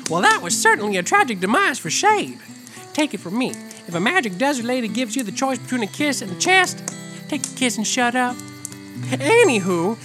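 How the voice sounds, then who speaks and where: A high folksy deputy. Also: male voice. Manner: folksy drawl, hooting and chuckling. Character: folksy old-west deputy man, campfire storyteller. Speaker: narrator. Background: loud music.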